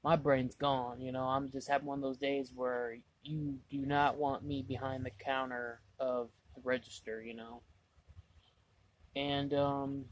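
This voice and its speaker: A man's voice: mid-range voice, flat delivery, a little slow, slight background noise. A man vlogging casually, rambling through a story with lots of "I was like" asides, exasperated and mocking himself.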